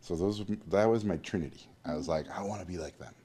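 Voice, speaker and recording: A man with a low, dark, mellow voice tells stories from his past in an interview. He is animated and acts out the people he quotes. His sound stays warm and relaxed throughout. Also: fast talker, a little hiss or hum. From Mexico. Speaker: guest animator. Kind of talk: storytelling interview.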